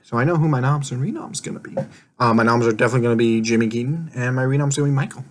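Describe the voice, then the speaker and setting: A man's voice: medium pitch, rapid-fire, background noise. A man casually recapping an online game he played, rambling and laughing often, swearing offhandedly and acting out his own quoted lines.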